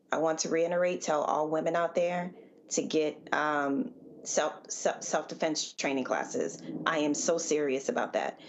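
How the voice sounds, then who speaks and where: Low-voiced, earnest woman panelist. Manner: earnest, emphatic, deliberate. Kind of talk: live panel commentary. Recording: dull lo-fi remote audio.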